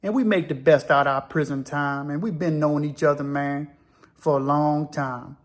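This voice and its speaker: A man's voice: a little high, steady tone, moderate pace, lightly acted. A man voicing a teasing old male convict who drawls and keeps calling his friend "man".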